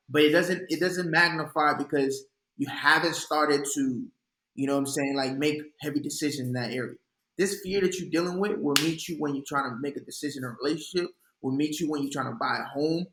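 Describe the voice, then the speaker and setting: A man's voice: on the high side, fairly bright tone, rough recording. A young man, a physician guest on an interview, speaking earnestly and reflectively, often repeating words as he starts a thought. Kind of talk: earnest conversational advice.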